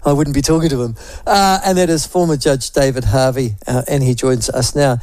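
At a fairly quick pace, a middle-aged New Zealand talk radio host rambles bluntly through opinionated talkback chat, adding sardonic asides. His voice is medium-pitched and a little mellow, with no echo.

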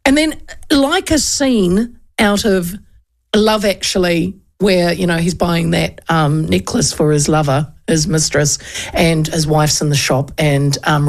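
A woman with a New Zealand accent hosting a radio show, telling stories in a chatty, self-mocking way and acting out what people said. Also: deep voice. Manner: chatty, animated, self-mocking, acts out quotes. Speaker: radio host. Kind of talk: casual radio chat and storytelling.

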